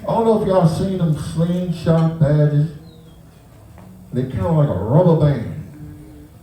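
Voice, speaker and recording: A man's voice: fairly high pitch, takes it slowly, slight background noise. A man, the uncle of a victim, telling an emotional story and acting out the scene, stumbling and repeating words. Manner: animated, acts out the scene, restarts and repeats words. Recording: very echoey, voice picked up from far off.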